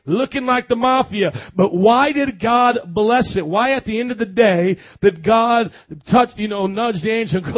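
A man from the American Midwest preaching a sermon as pastor, animated and calling on the congregation to answer back. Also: sits high, normal speed, dry recording, highs cut off. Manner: animated, calls for congregation responses.

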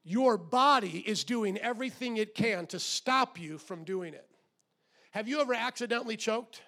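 A middle-aged man preaching a sermon in a church, swinging from hushed, low delivery to loud shouted exhortation and asking the congregation questions. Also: animated, moderate pace. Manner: acts out quoted voices, asks the congregation questions. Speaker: pastor.

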